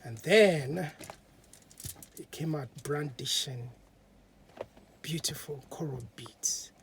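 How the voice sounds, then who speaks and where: A man's voice: a little high, slow pace, slight background noise. A man, a podcast host telling history as a casual story, chatty and dropping to whispers at times.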